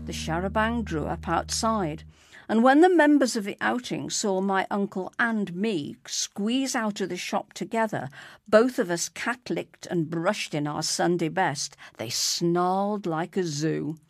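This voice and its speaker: A woman reading a story aloud, unhurried and expressive. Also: mid-range voice, dry recording, clean studio sound.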